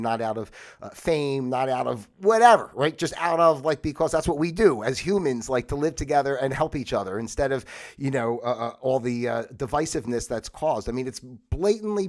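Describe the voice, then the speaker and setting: A man hosting his own livestream, talking casually in a rambling way with many fillers and restarts, at times bursting into loud, exasperated outbursts. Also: medium pitch. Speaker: livestream host. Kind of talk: casual solo livestream monologue.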